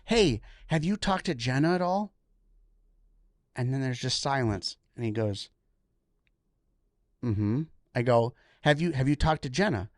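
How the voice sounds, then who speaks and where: A man co-hosting a podcast, retelling a story with an expressive, laughing manner. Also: medium pitch, moderate pace, no echo, clean studio sound. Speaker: podcast co-host. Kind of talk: casual storytelling chat.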